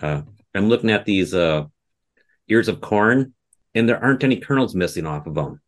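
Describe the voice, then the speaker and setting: A man's voice: lowish voice, animated, normal speed. A man from the Midwest, co-hosting a podcast in casual chat, self-deprecating and often restarting his sentences. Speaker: podcast co-host.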